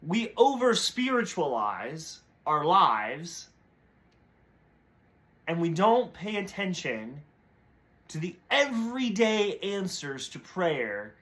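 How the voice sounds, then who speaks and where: Male preacher, high bright voice, storytelling devotional talk. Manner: storytelling with brief voiced characters. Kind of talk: short devotional sermon with a told story.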